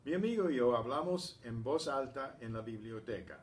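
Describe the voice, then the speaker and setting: A man teaching a class, speaking slowly and patiently and clearing his throat often. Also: medium pitch, animated. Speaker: Spanish teacher. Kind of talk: class lesson.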